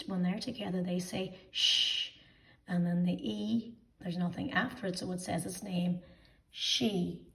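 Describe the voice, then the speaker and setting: A woman teacher explaining weekly phonics homework to parents, speaking slowly and patiently and sounding out letters one by one. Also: fairly low pitch, gravelly, warm tone, distant mic. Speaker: early-years teacher. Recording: echoey room, voice set back from mic.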